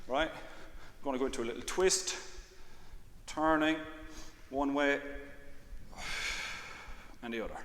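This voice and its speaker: A man's voice: mid-range voice, slow, long pauses. Man cueing exercises, reverberant room. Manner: calm, repeats "all right" often, cues breathing and counts reps. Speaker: exercise instructor. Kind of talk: exercise class instruction. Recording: long reverb, faint background noise.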